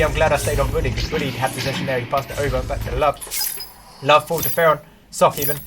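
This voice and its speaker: Excitable male esports caster, close on the mic. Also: a little high, fast, music in the background. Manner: excitable, jumps to loud bursts on big plays; chatty asides to viewers. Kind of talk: play-by-play commentary.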